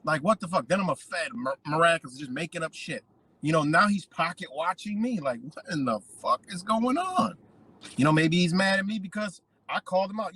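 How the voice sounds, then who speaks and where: A man's voice: a little high, lively intonation, a little fast, pushed and bright, breathy edge, poor audio. A man hosting a commentary video, ranting in a heated, profane, repetitive way. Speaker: commentary channel host. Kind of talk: casual profane rant.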